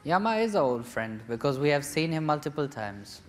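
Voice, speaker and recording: A man, a spiritual teacher, telling a story to a young seminar group in a lively, joking manner. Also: on the high side, normal speed, a little hiss or hum. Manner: lively, chatty, jokes and acts out quotes.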